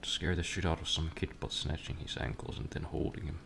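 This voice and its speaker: Very deep gravelly young man streaming. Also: steady tone, brisk, fairly bright tone, slight background noise. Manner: rambling, profane, self-deprecating. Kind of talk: casual chat while gaming.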